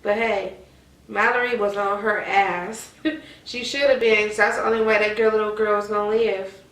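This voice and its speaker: A woman's voice: medium pitch, moderate pace, reverberant, distant mic, rough recording. A woman, chatting animatedly to her viewers in a casual commentary. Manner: animated, addresses viewers as y'all. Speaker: vlogger.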